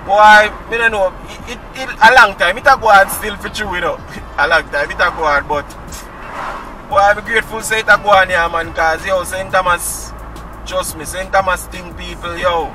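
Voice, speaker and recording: A man's voice: high voice, normal speed, far from the mic, music in the background, poor audio. A Jamaican man chatting casually to viewers while driving on country roads, repeating friendly catchphrases. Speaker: driving vlogger. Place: inside a car on country roads.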